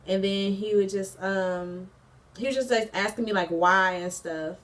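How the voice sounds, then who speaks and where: A young woman in her twenties chats through a breakup story in a loose, slangy storytime style. Her voice sits at a middle pitch and comes from a little way off the mic. She fills her talk with "like" and "um" and laughs between lines. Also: a little slow, recorded from a distance. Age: 20s. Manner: chatty, slangy, frequent fillers; animated, laughs mid-story. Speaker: college student vlogger. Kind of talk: casual storytime chat.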